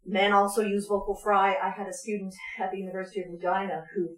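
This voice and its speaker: A woman's voice: mid-range voice, level tone, fast talker, fairly bright tone. Chatty woman teaching voice in an echoey room. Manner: chatty, laughs often, many ums, demonstrates sounds. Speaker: vocal workshop leader. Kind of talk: informal teaching talk with sung demonstrations. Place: community music space, roomy.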